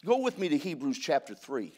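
A man's voice: a little high, big pitch swings, a little fast, a little mellow. A middle-aged male pastor from California preaching a sermon, telling stories with stammered restarts and reading scripture in a rising preaching cadence. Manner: storytelling with repeated stammered restarts.

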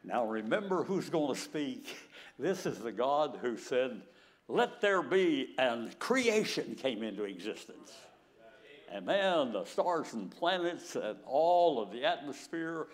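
An elderly man in his nineties delivers a sermon with a pitch that swoops up and down. He tells stories, chuckles between lines and acts out scripture scenes. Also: big pitch swings, measured pace. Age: 90s. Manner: storytelling, chuckles often, dramatizes scripture. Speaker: preacher.

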